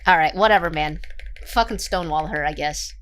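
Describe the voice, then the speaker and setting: A woman's voice: low voice, brisk, fairly bright tone. A young woman streamer reacting to a game video in casual, sarcastic chat, swearing freely.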